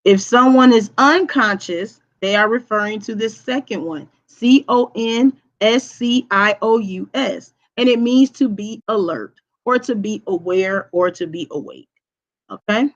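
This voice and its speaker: A woman teacher giving a recorded online lesson. She has a projecting voice and speaks deliberately, checking in with "okay?" after each point. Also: mid-range voice, muffled recording. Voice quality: voice projects strongly.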